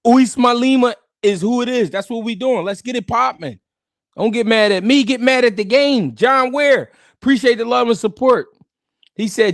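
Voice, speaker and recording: A man's voice: high-pitched, moderate pace, dry recording, clean studio sound. A man hosting a live stream, chatting casually and animatedly in slang, talking straight to his chat.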